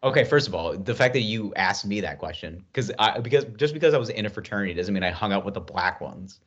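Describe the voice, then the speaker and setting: A man's voice: fairly low pitch, lively intonation, fast talker, a bit bright, breathy edge. A man co-hosting a podcast, telling a story in a rambling, laughing, casual way. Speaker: podcast co-host. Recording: dull lo-fi sound.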